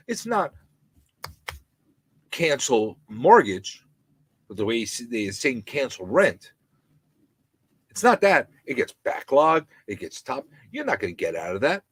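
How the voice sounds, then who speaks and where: A man hosting a live stream, ranting about landlords in an animated, indignant, repetitive way. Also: mid-range voice, slightly rough, dry recording, rough recording.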